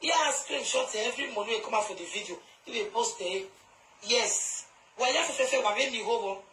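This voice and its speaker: A woman with a high, piercing voice and a Nigerian Pidgin English accent, lecturing her viewers in a live video rant. She is confrontational and emphatic, hammering points home by repeating them. The recording is echoey, with faint music underneath. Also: animated, brisk, fairly bright tone, a little hiss or hum. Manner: confrontational, scolding, emphatic repetition. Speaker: social media commentator.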